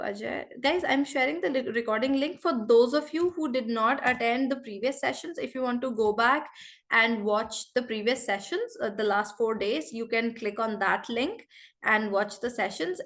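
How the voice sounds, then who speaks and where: Female online English teacher, fairly high voice, chatty, apologetic, unwell. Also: creaky, a bit bright. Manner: chatty, apologetic, repeats phrases. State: unwell, feverish. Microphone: video call.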